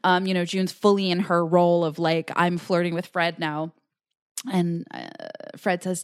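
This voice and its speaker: Woman chatting thru a tv recap, kinda low voice, dry close sound, lots of ums. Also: level tone, moderate pace, smooth, no room sound. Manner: recounts scenes with acted-out quotes, many fillers. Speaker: podcast co-host. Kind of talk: casual recap chat.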